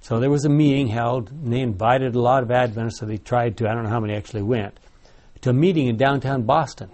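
A man's voice: medium pitch, quick pace, darkish tone. A man leading a Bible study discussion, asking the group questions and telling stories with many restarts.

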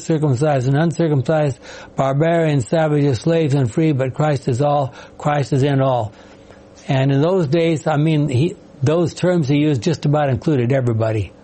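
A man's voice: on the high side, dark tone, rough recording. A man leading a Bible study class, asking questions, explaining passages and calling on members to read. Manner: questioning, explanatory, calls on readers.

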